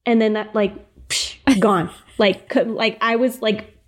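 A woman's voice: medium pitch, steady tone, unhurried. Chatty young woman telling a story. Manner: chatty, laughs often, many "like" fillers. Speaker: podcast guest. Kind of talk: casual birth story telling.

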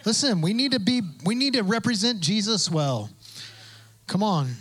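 A man preaching a sermon as pastor, conversational with asides, acting out quoted voices and building to loud emphasis. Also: high-pitched, big pitch swings, normal speed, slightly rough, faint music behind. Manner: conversational with asides and self-interruptions.

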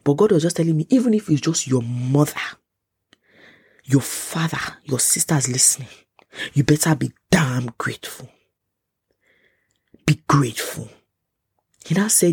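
A Nigerian woman hosting a casual solo podcast, animated and often dropping into a whisper. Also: low-pitched, normal speed, long pauses, slightly rough, no echo. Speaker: podcast host. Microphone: close podcast mic.

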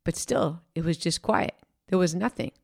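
A woman's voice: fairly low pitch, moderate pace, gravelly, a little mellow. A woman hosting a devotional podcast, telling a story in a conversational way with fillers and restarts, and acting out the people she quotes.

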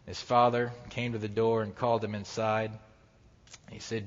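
A man's voice: fairly low pitch, moderate pace. Preacher man in a reverberant hall. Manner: animated storyteller who acts out quoted voices. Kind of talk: sermon storytelling. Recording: dull sound with long hall reverb.

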